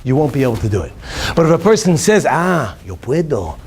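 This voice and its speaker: Animated joking rabbi, a man. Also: a little high, quick pace, a little hiss or hum. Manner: animated and joking, quizzes the audience. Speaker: rabbi giving a talk. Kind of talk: humorous inspirational talk to an audience. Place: hotel conference session room.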